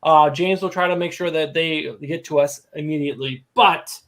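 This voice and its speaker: A man's voice: fairly high pitch, steady tone, normal speed, a bit bright. A man from New Hampshire with a New England accent, co-hosting a casual live stream and rambling loosely over a beer. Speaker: podcast co-host.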